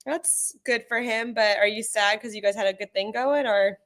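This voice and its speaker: A woman's voice: mid-range voice, steady tone, normal speed, fairly bright tone. Chatty woman podcast guest. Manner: chatty, upbeat, lots of "like". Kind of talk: casual chat.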